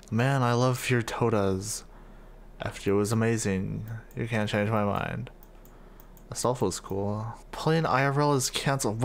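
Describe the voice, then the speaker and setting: A man's voice: on the low side, a little slow. A man casually reading out and reacting to fan comments, joking and easily amused. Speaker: gaming video creator.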